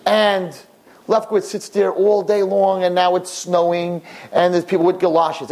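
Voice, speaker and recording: A man telling a story aloud in an animated, repetitive, expressive way. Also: normal speed. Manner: repetitive, expressive, rising pitch at high points.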